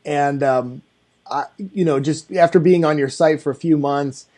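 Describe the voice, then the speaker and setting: Mellow-voiced easygoing male host. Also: fairly high pitch, steady tone, normal speed. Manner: easygoing, affirming, chatty. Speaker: podcast host. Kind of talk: casual interview chat.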